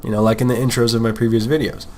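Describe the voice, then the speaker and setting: A man's voice: medium pitch, flat delivery, rapid-fire, a little mellow, faint music behind. A young American man talks casually about art and his name as an art podcast host, rambling and joking, often acting out other people's voices. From United States. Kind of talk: casual talk while drawing.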